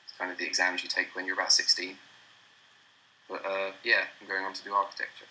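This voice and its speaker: Deep, flat-voiced young British man. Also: quick pace, rough recording. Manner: relaxed, self-deprecating, chuckles often. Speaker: guest. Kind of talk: casual interview chat. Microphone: computer mic over a voice call.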